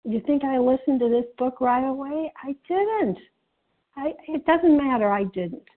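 A woman giving an earnest personal share at a recovery meeting, pausing often with fillers. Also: sits high, expressive. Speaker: meeting member sharing. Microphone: phone conference call. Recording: tinny phone line.

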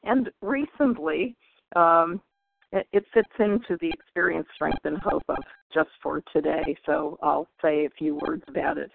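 A woman's voice: low-pitched, gravelly. A woman sharing at a twelve-step phone meeting in a chatty, wry way. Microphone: telephone. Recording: dry phone line.

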